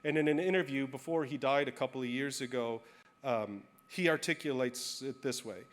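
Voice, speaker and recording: A man's voice: medium pitch, moderate pace. A male pastor preaching a sermon, telling a personal story in a candid, self-deprecating way.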